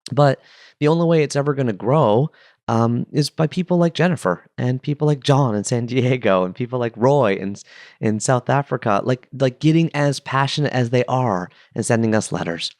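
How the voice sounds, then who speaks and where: A man's voice: mid-range voice, expressive, moderate pace, darkish tone, dry recording. A man hosting a podcast, chatting enthusiastically with playful asides into a close mic. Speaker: podcast host. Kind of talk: casual podcast monologue.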